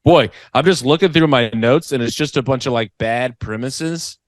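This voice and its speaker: A man's voice: mid-range voice, normal speed, no room sound, studio quality. A man who grew up mostly in Louisiana, co-hosting a podcast in crude, joking casual chat. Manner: joking, crude, lively banter. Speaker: podcast co-host.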